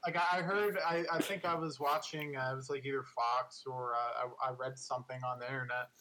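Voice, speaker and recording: A man's voice: medium pitch, fairly even intonation, brisk, pushed and bright, a little hiss or hum, rough recording. A man co-hosting a podcast in casual political chat, rambling and full of filler words.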